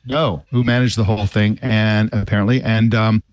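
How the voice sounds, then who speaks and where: A man's voice: fairly low pitch, steady tone, moderate pace, dry recording, highs cut off. A man on a tech talk show panel, explaining a news story and drifting into historical tangents. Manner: thoughtful, discursive, with restarts and historical tangents.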